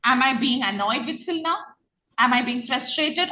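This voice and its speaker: A woman with a Malayali English accent teaches an online reading class. She quizzes her students over and over, restarts her sentences, and speaks in a bright, fairly high voice. The room gives her voice a noticeable echo. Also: lively intonation, normal speed. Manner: questioning, repeats herself, many restarts. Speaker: OET reading trainer.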